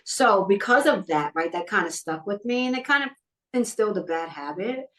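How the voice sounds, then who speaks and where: A woman's voice: mid-range voice, expressive, normal speed, rough recording. A middle-aged woman from New York telling a personal story in a podcast interview, acting out what other people said. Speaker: guest.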